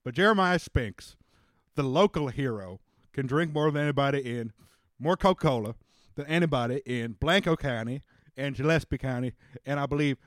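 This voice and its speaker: A man at a mid pitch narrates a tabletop game as its game master. His descriptions wander loosely and he restarts his sentences often. The sound is dry and close, with no room around it. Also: dry recording.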